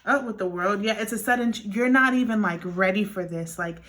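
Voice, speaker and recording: A young woman giving a pick-a-card tarot reading, earnest and encouraging, talking fast with many restarts. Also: mid-range voice, fairly bright tone. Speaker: tarot reader.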